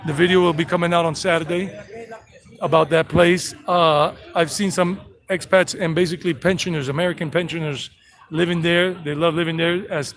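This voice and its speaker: A man's voice: high voice, poor audio. A man giving a playful, chatty walking-tour vlog outdoors in a town square. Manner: chatty, playful, talks to animals. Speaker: travel vlogger and tour guide. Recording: outdoor street noise.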